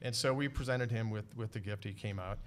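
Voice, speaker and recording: A man's voice: fairly low pitch, brisk, a little hiss or hum. A man hosting a podcast in a casual chat, telling stories with frequent laughs. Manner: chatty storyteller, laughs often. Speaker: podcast host.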